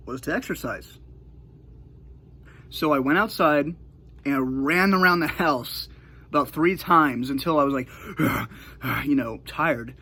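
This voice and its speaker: A man's voice: mid-range voice, fairly bright tone, a little hiss or hum. Rambling man telling a childhood story. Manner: rambling, full of fillers and restarts. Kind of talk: casual storytelling.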